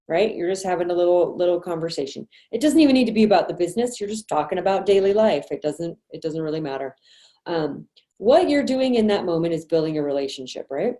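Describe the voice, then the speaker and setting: A woman's voice: medium pitch, dark tone, roomy sound. A woman sales manager leading an online training meeting in a chatty, encouraging way over a video call. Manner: chatty, encouraging, quick asides and laughs.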